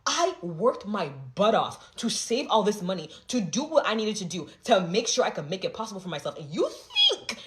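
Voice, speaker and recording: A young adult woman telling a storytime vlog, animated and flowing, with lots of "like" fillers. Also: medium pitch, slight background noise. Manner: animated, fast-flowing, heavy filler 'like'.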